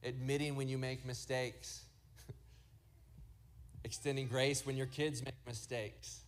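There's slight background noise behind this medium-pitched, flatly delivered voice. The pastor, a man in his thirties, preaches using family storytelling, voicing his kids' remarks and pausing over slow, emphatic lists.

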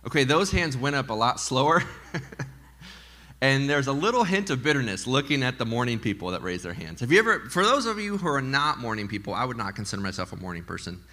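A man preaching a sermon as pastor to a congregation, animated and mixing in joking asides. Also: mid-range voice, fast talker. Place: church in front of a congregation.

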